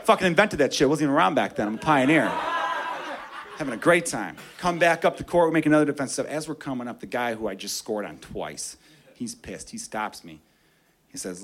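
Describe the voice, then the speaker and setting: A man doing stand-up comedy, telling a story with loud, animated delivery and shouted character voices. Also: medium pitch, brisk, a little hiss or hum.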